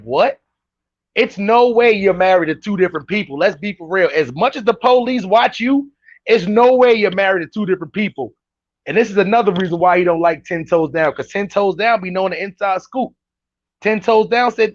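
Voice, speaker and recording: A man's voice: sits high, lively intonation, fairly quick, dry recording. A man giving casual, slangy reaction commentary, ranting emphatically as a vlog host. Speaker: commentary vlogger. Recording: dull dry lo-fi recording.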